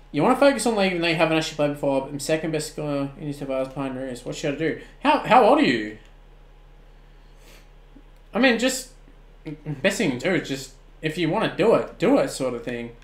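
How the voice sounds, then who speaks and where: An Australian man in his twenties streaming a football video game, shouting at the plays and then chatting casually with viewers. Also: fairly high pitch, fairly quick, pauses often, roomy sound. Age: 20s. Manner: excitable, swings from shouting at the game to relaxed chat. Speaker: gaming streamer. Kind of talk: live-stream commentary and chat replies.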